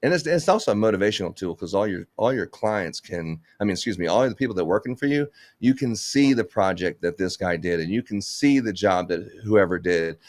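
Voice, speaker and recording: Low-voiced guy who runs a lights business, blunt and cussing, dry close sound. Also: lively intonation, a little fast, few pauses, no echo. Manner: blunt, swears, laughs often. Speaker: Christmas lights business owner, guest. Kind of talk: casual live chat.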